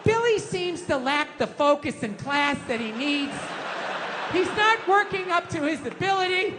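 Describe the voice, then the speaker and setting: Man putting on a prim, high scolding schoolteacher. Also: animated, measured pace, background noise. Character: prim female schoolteacher reporting on a pupil.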